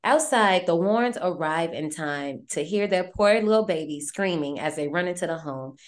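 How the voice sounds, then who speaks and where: Lively, slangy podcast host woman, low-pitched. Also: normal speed. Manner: animated, slangy and profane. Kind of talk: casual horror movie recap.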